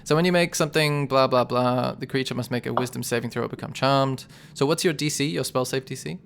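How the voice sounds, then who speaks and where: A man's voice: mid-range voice, quick pace, creaky, clean tone. Man running a tabletop game, chatty. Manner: relaxed, chatty, corrects himself. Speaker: game master.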